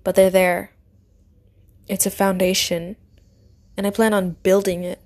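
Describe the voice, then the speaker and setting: A young woman vlogger shares personal, faith-based stories about her beliefs and family with her viewers, her voice at an ordinary middle pitch with a level tone. She speaks unhurriedly, earnest and emotional, often sinking into a soft whisper.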